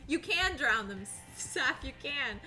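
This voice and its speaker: Excitable bright-voiced woman streamer. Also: high-pitched, takes it slowly, faint music behind. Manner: excitable, swears a lot, narrates her own moves; laughs often and panics loudly. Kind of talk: casual live gameplay commentary.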